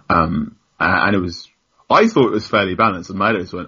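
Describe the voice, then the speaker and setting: A man's voice: low-pitched, expressive, normal speed, bright, forceful tone, slightly rough, lo-fi sound. A young man, a football journalist as a guest, telling rambling, self-deprecating stories with frequent laughs. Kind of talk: casual storytelling interview.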